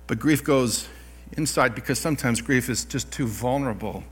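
A middle-aged man preaching a sermon, telling personal stories with animated delivery and self-deprecating laughs. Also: medium pitch, moderate pace, breathy edge, soft background music. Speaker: pastor.

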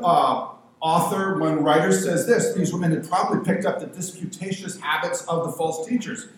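A man in his fifties preaching a sermon, conversational and self-deprecating, slowing down for emphasis. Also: a little high. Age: 50s. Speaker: pastor. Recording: very echoey room with faint ambient noise.

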